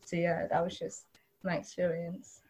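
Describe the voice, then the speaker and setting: A woman's voice: on the low side, flat delivery, moderate pace, a little mellow. A young British woman giving an earnest personal testimony as a panel speaker, stacking her points in emphatic repeated lists.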